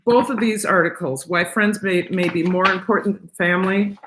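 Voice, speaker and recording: A middle-aged woman chatting on a live stream from her home. She talks in a loose, halting way, stopping and restarting often and filling gaps with "um". Her pitch sits in the middle range. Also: steady tone, background noise. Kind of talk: casual chat, reading viewer comments.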